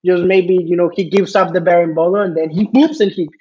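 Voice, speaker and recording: A man's voice: sits high, steady tone, fairly quick, mellow, breathy edge, muffled recording. A man telling a story as a podcast guest, rambling with lots of fillers and restarts, laughing often. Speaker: podcast guest, jiu-jitsu student. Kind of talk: casual storytelling chat.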